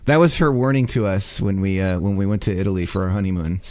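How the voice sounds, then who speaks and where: A man's voice: low-pitched, fast talker, darkish tone, no echo. A man in his thirties, chatting casually and joking as he streams a game. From United States. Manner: chatty, jokey, laughs often. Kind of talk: casual gameplay commentary.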